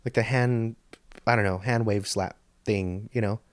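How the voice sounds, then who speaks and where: A man's voice: fairly low pitch, fairly even intonation, measured pace, clean tone, no echo. A man hosting a podcast, telling a story in a rambling, profane, stop-start way into a studio microphone. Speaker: podcast host. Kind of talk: casual storytelling monologue.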